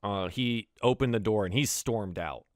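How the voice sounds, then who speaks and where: A man's voice: lowish voice, moderate pace, no echo, studio quality. A man narrating a tabletop game as game master, in loose, descriptive speech with frequent "uh"s.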